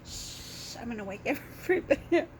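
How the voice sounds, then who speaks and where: A woman vlogging casually at home, hiccuping and giggling, hushing herself so she won't wake others. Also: high voice, rough recording. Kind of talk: casual self-filmed vlog. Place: indoors at home while others sleep.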